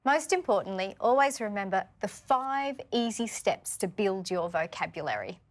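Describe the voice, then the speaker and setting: A woman's voice: medium pitch, expressive, moderate pace, background noise. Patient Australian woman teaching vocabulary. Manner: clear, patient, asks learners questions. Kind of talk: scripted vocabulary lesson.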